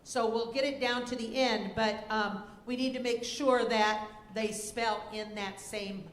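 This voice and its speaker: A woman serving as a spelling bee pronouncer, reading words and definitions deliberately, spelling letters out slowly, and giving stage directions to contestants. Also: on the high side, steady tone. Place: school auditorium. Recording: echoey auditorium with faint noise.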